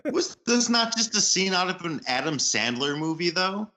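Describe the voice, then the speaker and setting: A man co-hosting a podcast in casual chat, enthusiastic and analytical. His tone is bright and his pitch is animated and lively. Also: measured pace.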